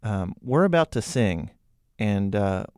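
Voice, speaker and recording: A man's voice: on the low side, animated, takes it slowly, darkish tone, no echo, clean studio sound. A man co-hosting a comic podcast, wry and playful. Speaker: podcast co-host.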